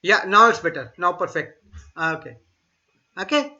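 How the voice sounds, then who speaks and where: A man teaching a German class online, speaking slowly and repeating words for students to echo. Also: high voice, animated, bright, forceful tone. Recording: dull lo-fi online class audio.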